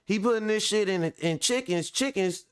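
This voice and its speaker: A man's voice: sits high, moderate pace, clean tone. A young man hosting a reaction show, joking loosely and profanely as he comments on a clip. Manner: profane, animated, laughing and joking.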